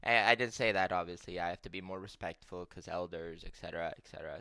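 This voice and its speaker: A young man telling stories on his vlog in a casual, profane, animated rant. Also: low voice, fast talker, smooth, dry recording. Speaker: vlogger.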